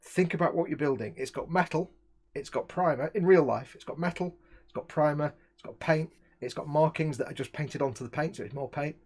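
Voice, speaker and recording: A man's voice: fairly high pitch, brisk, a little mellow, husky. A man hosting a casual live-stream chat, explaining things at length and joking around. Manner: chatty, explains at length, jokes. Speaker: host.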